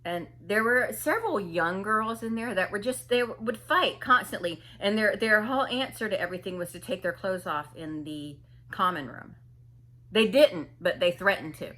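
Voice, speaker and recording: A woman's voice: medium pitch, moderate pace, bright, forceful tone. A woman vlogger telling a story casually and animatedly, imitating people and laughing often.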